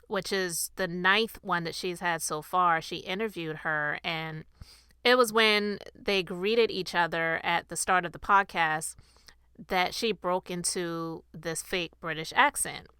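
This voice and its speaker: A woman's voice: fairly low pitch, a little slow, bright, forceful tone, clean tone, no room sound. A woman hosting her own commentary podcast, talking straight to her listeners in a chatty, opinionated way. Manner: chatty, opinionated, addresses the audience directly. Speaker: host of a commentary channel and podcast. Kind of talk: casual commentary monologue.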